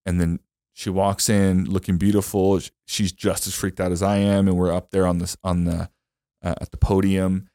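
A man's voice: low voice, little pitch movement, normal speed, dark tone, dry recording, studio quality. A young man as a podcast guest, telling a personal story in casual chat, rambling and emotional with many fillers and restarts.

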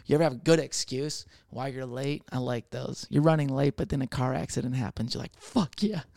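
A young adult man, a comedian, riffing in a casual rambling monologue, swearing often and slipping into quick voices of other people. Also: medium pitch, steady tone, creaky, a little mellow, no room sound, studio quality.

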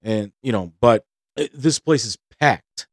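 A man's voice: mid-range voice, measured pace, no echo, clean studio sound. A man hosting a podcast, telling a story in a casual, heated and profane way, acting out both sides of the conversations. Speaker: podcast host.

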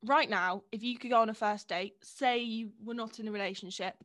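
A young woman co-hosts a loose, casual chat, teasing her friend and giggling often. Her voice sits slightly high. She drops the odd swear word without fuss. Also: steady tone, fairly quick, a bit bright. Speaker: podcast co-host.

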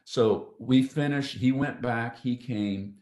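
A man, a podcast guest, earnestly and emotionally telling a faith testimony, often halting and restarting his sentences. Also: medium pitch, darkish tone. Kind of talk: heartfelt testimony storytelling. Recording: echoey room.

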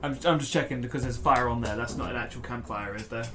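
A man's voice: mid-range voice, quick pace, over music. A man playing a tabletop game as a player, eager and full of questions. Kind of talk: casual tabletop play. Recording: noisy home recording.

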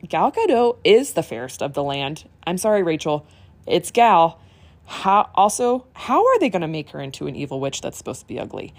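Young woman rambling excitedly on her podcast, kinda low voice, lots of restarts. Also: dry recording. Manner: gushing and excitable, with many restarts. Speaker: podcast host. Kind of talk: casual solo podcast chat.

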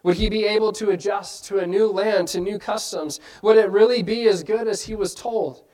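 High-voiced man preaching a sermon. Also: steady tone, normal speed, a little mellow, low-quality recording. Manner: earnest, asks many rhetorical questions.

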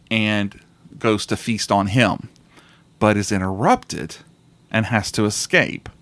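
A man's voice: fairly low pitch, fairly bright tone, no echo. A man hosting a casual podcast chat about movies, rambling with frequent restarts and laughter.

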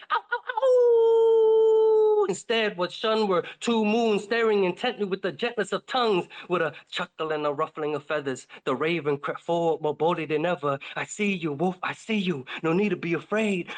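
A man's voice: sits high, fairly bright tone. A man narrating a rhymed fable in a dramatic spoken-word style. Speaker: host reading a poem.

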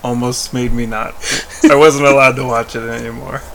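A man's voice: mid-range voice, level tone, moderate pace, gravelly, noisy background. A man co-hosting a casual rewatch chat, laughing often and restarting his sentences. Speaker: podcast co-host.

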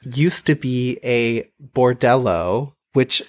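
A podcast co-host in casual chat, animated and laughing, with "like" in nearly every sentence. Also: medium pitch, takes it slowly. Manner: animated, laughing, heavy use of "like".

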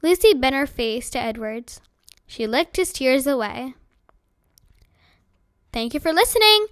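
A woman gently reading a children's novel aloud as narrator. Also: sits high, lively intonation, measured pace, no echo, clean studio sound. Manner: gentle storytelling.

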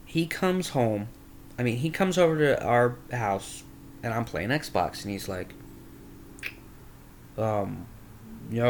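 A man's voice: medium pitch, takes it slowly, long pauses, a little hiss or hum. A young man candidly telling a personal story, rambling and swearing, as a podcast host. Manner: candid, rambling, with crude language.

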